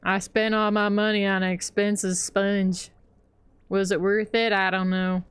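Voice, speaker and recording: A woman's voice: medium pitch, little pitch movement, unhurried, clean tone, no room sound. A young adult woman streaming a game and chatting casually, rambling with lots of fillers and frequent laughter. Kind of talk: casual chat while gaming.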